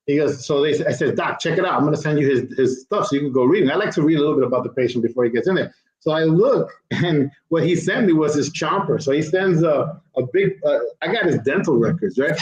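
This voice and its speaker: An older man, a physician and guest, chatting casually and telling an animated anecdote in which he acts out other people's voices. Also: on the high side, a little fast. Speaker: physician and cigar company founder, guest. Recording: echoey, dull-sounding room.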